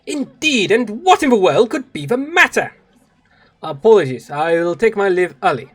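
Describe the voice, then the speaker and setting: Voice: mid-range voice, very animated, normal speed, fairly bright tone, breathy edge, pitched above the performer's own voice. A streamer playing a posh, gracious lady. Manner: posh, exaggerated upper-class British.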